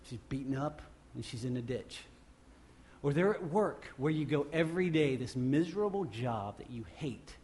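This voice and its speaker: A male pastor preaching a sermon off the cuff, swinging from loud emphatic bursts to quiet low passages and often restarting his phrases. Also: expressive, moderate pace, slight background noise. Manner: repeats and restarts phrases while speaking off the cuff.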